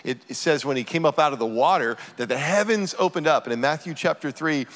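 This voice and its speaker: A man's voice: fairly high pitch, fast, a bit bright. A middle-aged man preaching a sermon as a pastor, earnest and emphatic. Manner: earnest, emphatic scripture reading. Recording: church hall reverb.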